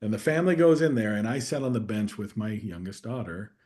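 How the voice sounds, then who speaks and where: A man guest on a conversational podcast, sharing a personal story in a reflective, steady way that grows animated at times. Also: fairly low pitch, a little fast. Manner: reflective, warm storyteller who gets animated in anecdotes. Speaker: guest coach.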